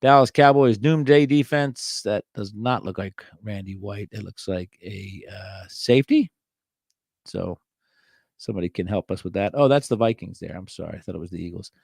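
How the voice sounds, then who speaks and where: A man's voice: on the low side, normal speed, creaky, a little mellow, no echo, clean studio sound. A man hosting a casual solo show about old trading cards, reading the card text aloud and joking wryly in an offhand way. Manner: wry, offhand, reads card backs aloud. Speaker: host.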